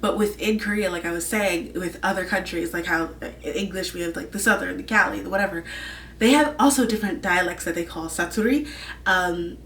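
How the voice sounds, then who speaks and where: A woman's voice: fairly low pitch, fairly quick, fairly bright tone, reverberant, recorded from a distance, a little hiss or hum. A young woman hosting a vlog, chatting casually and gushing in a rambling way full of "like" fillers. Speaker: vlog host. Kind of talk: casual chat.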